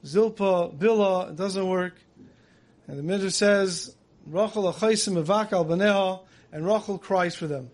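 Rabbi a lilt, high-pitched, telling stories in a lecture and dropping soft for emotional moments. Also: male voice, moderate pace. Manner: tells stories with acted quotes, voice dropping soft for emotional lines. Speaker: rabbi giving a Tisha B'Av lecture. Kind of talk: storytelling sermon.

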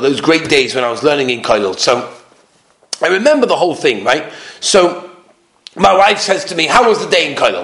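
A man, a rabbi, giving an animated lecture full of anecdotes, driving points home with emphatic repetition. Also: fairly high pitch. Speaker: rabbi giving a talk on marriage. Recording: roomy echo.

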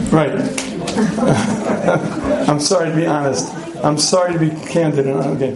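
Guy doing a marriage seminar, jokey and lively, kinda high voice, echoey hall. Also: takes it slowly, over a noisy crowd. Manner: animated, joking, frequent throat clearing. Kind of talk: live seminar talk to an audience.

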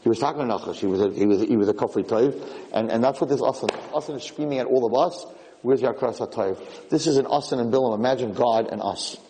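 A man teaching a Torah lesson in an excitable, repetitive way, restarting his sentences often. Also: medium pitch, quick pace, big-room sound, slight background noise, rough recording.

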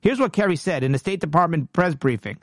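A man's voice: a little high, expressive, fast talker, dry recording, clean studio sound. A man hosting a political commentary show, talking emphatically and indignantly and often restarting his sentences.

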